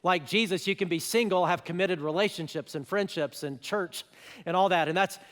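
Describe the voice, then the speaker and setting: A man preaching a sermon as pastor, talking in a casual, animated way with quick voiced asides. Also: sits high. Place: church auditorium. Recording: church hall with long reverb.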